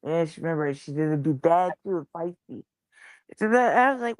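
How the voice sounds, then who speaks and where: Profane, animated woman chatting casually. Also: low voice, fairly quick, no echo. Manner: animated, swearing freely, cooing baby talk at her cat.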